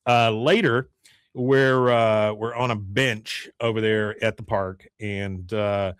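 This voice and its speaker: A man's voice: fairly low pitch, little pitch movement, slow, smooth, no echo, clean studio sound. A man hosting a podcast, casually recapping an episode in a chatty, storytelling way. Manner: chatty storytelling with frequent fillers. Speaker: podcast host.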